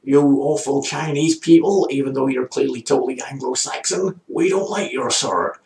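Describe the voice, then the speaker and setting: A man's voice: medium pitch, normal speed, darkish tone, roomy sound, far from the mic, close to an everyday voice. A man voicing an ornery, hostile cowboy in a mock American accent, sneering and threatening.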